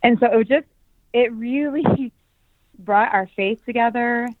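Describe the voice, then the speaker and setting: A woman guest telling a personal story on a podcast, lively and excited as she recounts it. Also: a little high, unhurried, no room sound. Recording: dry tinny phone-like sound.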